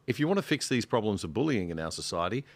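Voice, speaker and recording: An Australian man takes part as a guest on a panel podcast, speaking earnestly and with emphasis. His voice sits a little low, and the recording is dry and close. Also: very animated, fast, no room sound. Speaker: podcast guest, show host.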